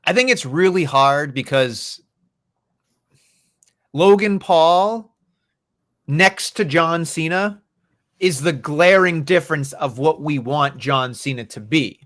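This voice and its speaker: A man's voice: a little high, slow pace, long pauses, fairly bright tone. A man co-hosting a podcast, chatting casually about wrestling in a rambling, profane way. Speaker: podcast co-host.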